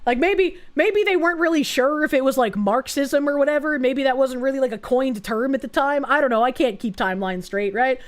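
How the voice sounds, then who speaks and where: Sarcastic high-voiced woman commentator. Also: brisk, hardly any pauses. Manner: sarcastic, blunt, profane. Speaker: commentary host. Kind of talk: casual reaction commentary.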